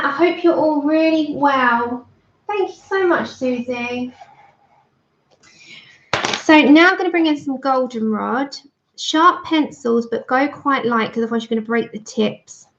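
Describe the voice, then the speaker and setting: A woman's voice: high-pitched, takes it slowly, pauses often, fairly bright tone. A woman chatting casually to her livestream viewers while she colours, thanking them by name. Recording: dull lo-fi stream audio.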